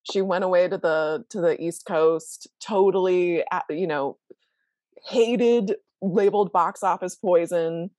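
A woman's voice: lowish voice, measured pace, a little mellow, no echo. A woman chatting animatedly about classic films in a casual group discussion.

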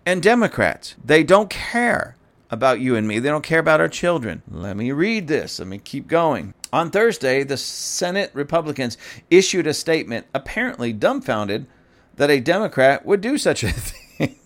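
A man's voice: a little high, very animated, moderate pace, fairly bright tone. A man hosting casual political commentary, speaking to his audience, mocking and keeps breaking into laughter.

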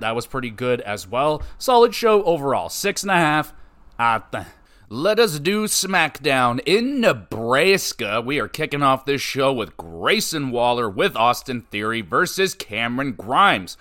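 Male podcast host, middle pitch, casual conversational recap with quick verdicts. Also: sing-song, sharp tone. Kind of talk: casual wrestling show recap.

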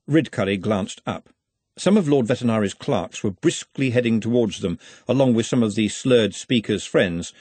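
A man narrating a comic novel as an audiobook, reading in a lively, expressive way. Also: lowish voice, slightly rough, dry recording. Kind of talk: scripted narration.

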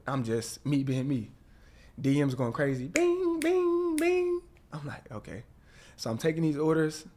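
Male guest, animated storyteller who acts out the people he quotes, mid-pitched voice. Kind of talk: storytelling interview.

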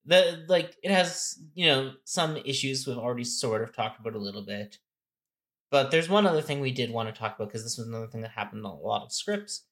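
A man's voice: mid-range voice, brisk, a bit bright. A man co-hosting a podcast, talking through board game strategy in a casual, explanatory way with many fillers and restarts. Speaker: podcast co-host.

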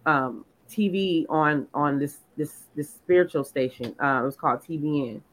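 A woman telling a personal story in casual chat, animated and full of "like", acting out what people said. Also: low voice, normal speed, low-quality recording. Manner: animated storyteller, lots of "like", acts out quotes. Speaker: podcast co-host.

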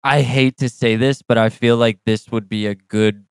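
Podcast guy ribbing his buddy, smooth clear voice, dry room. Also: medium pitch, fairly even intonation, normal speed, dry recording. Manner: teasing, laughs easily. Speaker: podcast co-host. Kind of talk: casual chat.

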